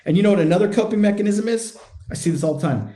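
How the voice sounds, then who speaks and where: A man's voice: high-pitched, rapid-fire, mellow, reverberant. A man who coaches men and hosts a podcast, giving a blunt, profane, confrontational motivational monologue. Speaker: men's coach and podcast host.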